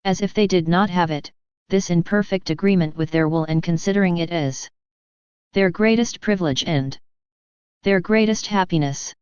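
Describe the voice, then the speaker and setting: A reader voicing Jesus as a calm, loving divine man, in a slow, measured devotional reading on a dull, lo-fi recording. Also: medium pitch, clear, resonant tone, no room sound, natural voice. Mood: solemn. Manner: slow, solemn, measured delivery.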